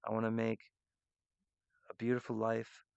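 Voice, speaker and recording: Gravelly, halting man speaking to viewers. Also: fairly low pitch, completely flat delivery, no room sound, lo-fi sound. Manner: halting, full of restarts and fillers, earnest. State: emotional. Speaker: artist addressing viewers. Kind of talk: rambling direct-to-camera monologue.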